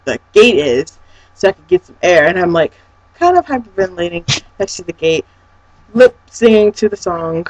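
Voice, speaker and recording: A young woman vlogger excitedly telling a personal story, gushing and swearing freely. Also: lowish voice, moderate pace, pauses often, dry recording, poor audio. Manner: gushing, breathless, swears a lot.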